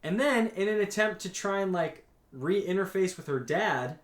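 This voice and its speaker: Animated young man recapping an anime. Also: sits high, normal speed, echoey room. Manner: animated recapping, reads out scene quotes, swears freely. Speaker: podcast co-host. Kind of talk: casual chat.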